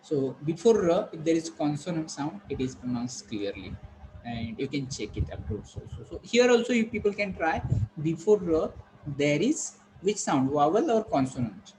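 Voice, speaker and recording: A male teacher giving a classroom pronunciation lesson, patiently repeating words slowly and quizzing the class. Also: on the high side, sing-song, darkish tone, a little hiss or hum, poor audio. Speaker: English teacher.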